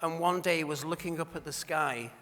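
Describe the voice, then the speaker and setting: A man's voice: on the high side, brisk, fairly bright tone. A man presenting an award at a dinner, telling wry anecdotes in an after-dinner speech, recorded in a large banquet hall. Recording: reverberant hall.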